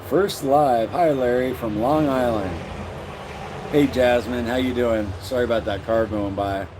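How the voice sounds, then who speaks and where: A man's voice: mid-range voice, measured pace, background noise. A middle-aged man hosting a casual live stream, greeting viewers by name and reading their comments aloud.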